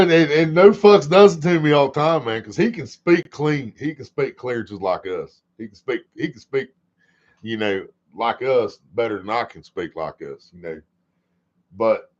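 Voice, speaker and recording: A man hosts a livestream in a casual, rambling chat, swearing a lot, laughing often and falling into sing-song repetition. His voice is mid-range and darkish, and the stream audio is dull and lo-fi.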